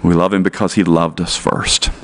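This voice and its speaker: A man's voice: low-pitched, little pitch movement, normal speed. A male pastor preaching a sermon in an earnest, emphatic way, pressing his points with repeated rhetorical questions.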